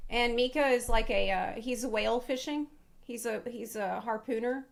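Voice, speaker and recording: Female streamer, high-pitched, chatty reaction commentary with loose cursing. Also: moderate pace, gravelly. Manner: rambling, laughing, swearing freely.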